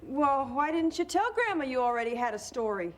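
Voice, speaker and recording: A woman playing a mother in a sitcom, teasing her child gently at bedtime. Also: high-pitched, very animated, fairly quick, noisy background. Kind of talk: sitcom dialogue. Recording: sitcom studio audience laughter.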